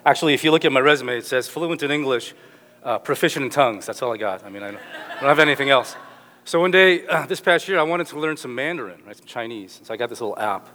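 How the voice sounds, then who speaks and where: A man's voice: mid-range voice, animated, quick pace, bright, forceful tone, a little hiss or hum. A middle-aged man preaching a sermon as a pastor, joking and rambling with restarts. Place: church hall. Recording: echoey hall with long reverb.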